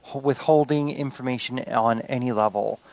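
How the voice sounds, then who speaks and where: A man's voice: mid-range voice, moderate pace, gravelly, darkish tone, lo-fi sound. A man co-hosting a podcast, speaking earnestly and reassuringly in casual chat. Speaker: podcast co-host.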